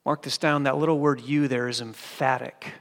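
A male pastor preaching a sermon with emphasis, dropping low and soft when he quotes scripture. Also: steady tone, moderate pace. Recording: long hall reverb.

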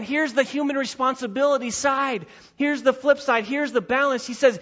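A pastor delivering a sermon in a church, emphatic and repeating key phrases, slowing down to stress his points. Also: extremely high pitch, fairly bright tone. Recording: dull lo-fi recording.

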